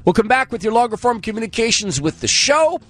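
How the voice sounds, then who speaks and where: A man's voice: extremely high pitch, big pitch swings, fairly quick, no echo, clean studio sound. A man hosting a talk radio show, delivering a sarcastic monologue with mocking asides.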